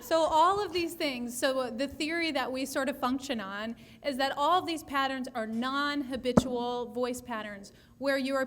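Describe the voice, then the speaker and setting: A woman's voice: high-pitched, a bit bright. A woman speech therapist answering audience questions at a session, explaining patiently with frequent restarts.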